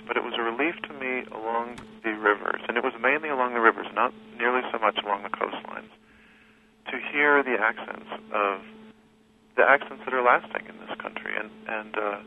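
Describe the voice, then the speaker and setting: A man, a guest who teaches history, talking reflectively in an interview, pausing and restarting his sentences often. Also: fairly low pitch, vocal fry. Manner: thoughtful, halting with many restarts and fillers. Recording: tinny phone line with faint hiss.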